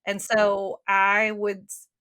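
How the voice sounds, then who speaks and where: A woman's voice: mid-range voice, completely flat delivery, takes it slowly, fairly bright tone, smooth. A woman guest talking earnestly and casually in an interview, with many fillers and restarts, over a remote call. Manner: earnest, talks from the heart.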